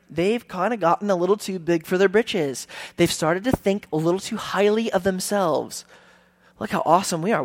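Conversational preacher, emphatic man. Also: high-pitched. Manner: conversational, emphatic, acts out quotes. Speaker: pastor. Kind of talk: sermon.

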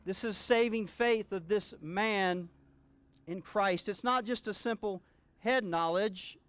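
A man's voice: sits high, takes it slowly, fairly bright tone. A man preaching a sermon, earnest and building to emphatic exclamations. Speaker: pastor.

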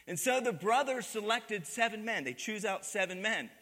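A man's voice: high-pitched, lively intonation, measured pace, bright, forceful tone, long reverb tail. A man preaching a sermon as pastor, calling on the congregation to answer back and repeat his words. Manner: call-and-response preaching, asks the congregation to repeat. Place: church sanctuary.

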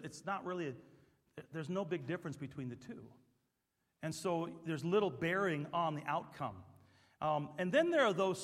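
A man preaching a sermon as pastor, swinging from quiet, conversational asides to loud, emphatic preaching. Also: on the high side, long reverb tail.

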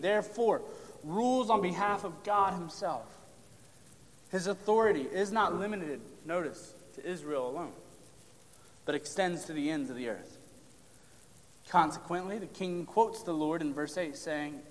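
A man delivers a sermon in a fairly high voice. He preaches with emphasis, then drops to near-whispers to drive a point home. His words ring out in a long reverberant hall. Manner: emphatic, drops to hushed tones for stress.

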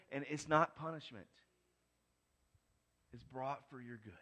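A middle-aged man preaching a sermon, moving from soft, hushed lines to loud, emphatic ones. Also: mid-range voice, a little slow. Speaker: pastor.

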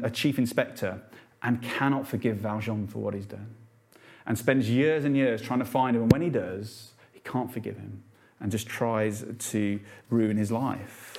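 A man's voice: medium pitch, a little mellow. A man preaching a sermon to a congregation in an earnest, unpolished way, asking rhetorical questions with some fillers and restarts.

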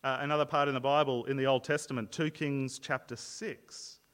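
A man's voice: mid-range voice, steady tone, moderate pace, fairly bright tone, big-room sound. A man preaching a sermon as pastor, explaining earnestly and often repeating words as he restarts a thought.

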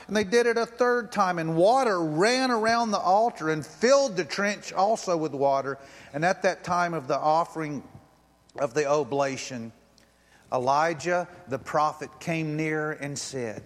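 A fairly high-voiced man preaching in a large church hall, his words trailing off into a long reverb. He tells the story dramatically, rising to loud outbursts and dropping to a hush. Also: a little slow. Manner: dramatic storytelling, swings between loud and hushed. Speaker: pastor. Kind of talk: sermon.

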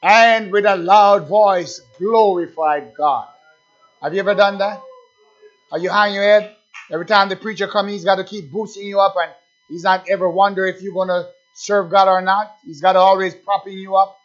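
A man preaching a sermon, swinging between quiet asides and fervent rising calls. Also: sits high, little pitch movement, brisk, highs cut off.

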